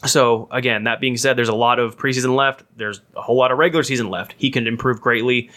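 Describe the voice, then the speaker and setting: A man's voice: mid-range voice, steady tone, fast talker, sharp tone. A man co-hosting a casual podcast, rambling through movie and football talk with many restarts and frequent laughs. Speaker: podcast co-host.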